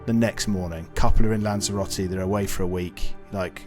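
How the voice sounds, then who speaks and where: A young man spins a story on a podcast, low-pitched and lively, swearing freely and acting out the people in it. Faint music sits behind him. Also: a little fast. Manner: animated, swears freely, acts out quoted voices. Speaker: podcast co-host. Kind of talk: casual storytelling chat.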